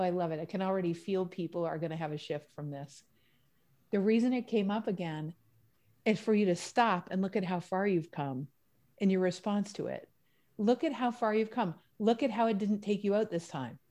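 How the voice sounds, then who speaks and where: A woman guest in a casual interview, talking in an animated, chatty way with playful analogies. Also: medium pitch.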